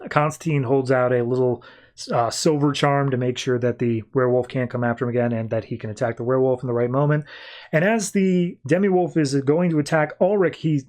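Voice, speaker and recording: A man's voice: mid-range voice, steady tone, brisk, a little mellow. A man hosting a podcast, recapping a comic book in a rambling, informal way with many fillers. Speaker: podcast host.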